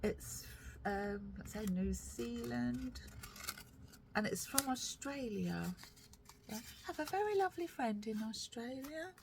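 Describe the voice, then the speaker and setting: A woman's voice: fairly high pitch, lively intonation, a little slow, vocal fry, noisy background. A woman hosting a knitting video podcast, chatting casually and rambling to camera with lots of ums and self-deprecating asides, sometimes stepping back from the mic.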